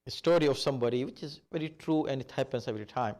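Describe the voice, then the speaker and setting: A man preaching a sermon, telling a story in an animated way. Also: mid-range voice, fast.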